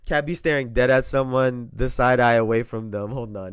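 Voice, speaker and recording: A man's voice: mid-range voice, steady tone, normal speed, hardly any pauses, clear, resonant tone, no echo, studio quality. A man hosting a sports podcast, talking casually and with a lot of profanity, often repeating himself and breaking into laughter.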